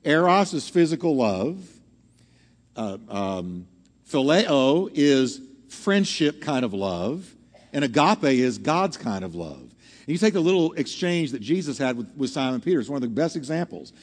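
A man preaching a teaching sermon to a congregation, animated and often asking the audience questions. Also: medium pitch, a little slow. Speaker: pastor. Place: church hall with live audience. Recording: long hall reverb.

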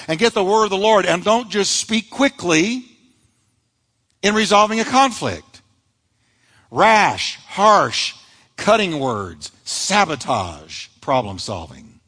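A man's voice: sits high, sing-song, unhurried, fairly bright tone, in a large hall. A pastor preaching a sermon to a congregation, acting out the quoted lines of the people he describes.

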